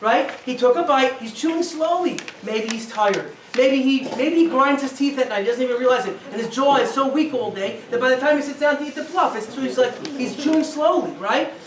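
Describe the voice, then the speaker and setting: A rabbi giving a guest talk on family life, animated and acting out little scenes, checking in with his listeners with "right?". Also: extremely high pitch, a little fast, hardly any pauses. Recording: echoey room, distant mic, faint noise.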